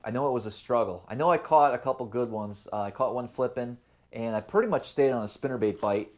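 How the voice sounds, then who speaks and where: A man's voice: medium pitch, fast talker. A young adult man hosting his own fishing channel, telling his tournament story in a loose, rambling way. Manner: rambling, relaxed storytelling with fillers. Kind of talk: casual vlog talk to camera.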